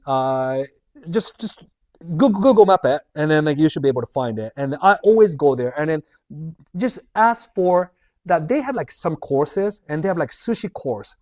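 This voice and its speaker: A man with a slightly high and slightly mellow voice hosts an informal livestream. Between laughs, he reads viewers' questions aloud and answers them at rambling, chatty length.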